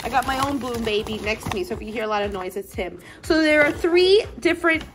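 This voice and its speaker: A woman toy blogger chatting casually at home as she unboxes toys, gushing and gasping with excitement. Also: a little high, quick pace. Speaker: toy collector and parent blogger.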